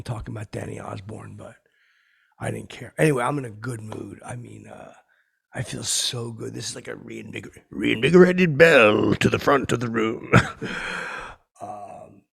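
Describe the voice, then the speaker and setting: A rough, gravelly, very raspy voice carries this washed-up middle-aged comic, as a man puts him on in a podcast monologue. He rambles in loose, tactless asides. His boasting keeps tipping over into sentiment. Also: mid-range voice, moderate pace, fairly bright tone, heavily acted. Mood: rambling. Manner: rambling, rough-spoken, tactless, lurching between bravado and sentiment. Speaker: podcast host.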